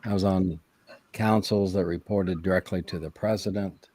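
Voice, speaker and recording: A man telling a story from his working past in a measured, casual way. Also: sits low, steady tone, dark tone, no echo.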